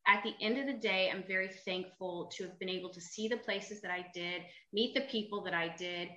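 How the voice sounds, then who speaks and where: A woman guest tells her side of events in plain, earnest conversation. Her tone is bright and forceful. The sound carries a noticeable roomy echo. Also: mid-range voice, brisk, highs cut off. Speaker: guest, salon owner. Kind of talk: casual interview talk.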